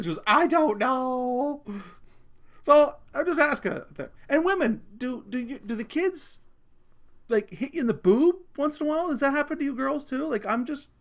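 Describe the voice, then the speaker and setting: At home in front of the camera, a man rambles through crude, joking anecdotes, often stopping to correct himself. He has a high-pitched, slightly bright voice.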